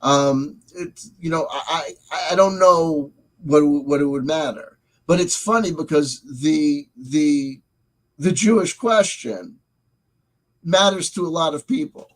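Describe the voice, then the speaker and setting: Rambling man with a somewhat high voice. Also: takes it slowly, poor audio. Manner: meandering, self-interrupting, repeats words. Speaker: channel host reading live chat. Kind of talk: rambling livestream commentary.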